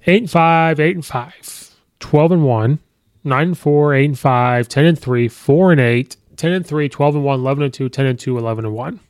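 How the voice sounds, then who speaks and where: A sports podcast host with a slightly high, darkish voice speaks at a normal speed, recorded cleanly on a podcast mic in a studio with no room sound. He chats casually, thinking aloud with plenty of ums and you-knows while weighing coaching records.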